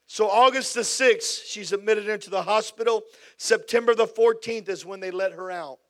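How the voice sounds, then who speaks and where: Fervent high-voiced male preacher. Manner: fervent, repetitive preaching cadence. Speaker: pastor. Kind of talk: sermon with prayer.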